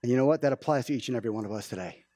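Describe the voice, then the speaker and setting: A pastor preaching a casual, storytelling sermon, with many restarts and asides. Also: male voice, mid-range voice, very fast, mellow, slightly rough, no room sound. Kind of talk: conversational sermon. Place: church.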